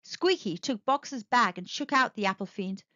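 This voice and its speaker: Expressive woman reading a children's story. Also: fairly high pitch, moderate pace, no room sound, lo-fi sound. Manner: expressive, animated. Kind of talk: children's storybook read-aloud.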